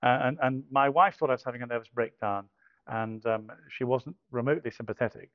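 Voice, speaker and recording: A man's voice: medium pitch, steady tone, brisk, dry recording. An older man tells a personal story, hesitant and self-deprecating, with frequent restarts and dry humour. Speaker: speaker giving a personal testimony. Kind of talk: storytelling talk. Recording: dull dry recording.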